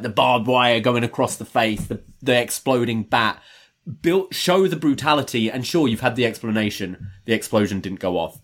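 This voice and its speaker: A man co-hosting a wrestling podcast, giving his opinions in a thoughtful, measured way during casual chat. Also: lowish voice.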